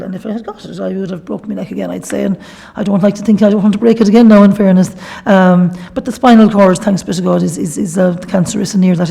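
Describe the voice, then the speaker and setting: A middle-aged Irish woman from Galway speaks with a gravelly, mellow voice. She tells her own story to a gathering in an earnest, chatty way. She often breaks off to give thanks to God. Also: mid-range voice. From Ireland. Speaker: guest speaker at a workshop. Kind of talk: personal testimony talk.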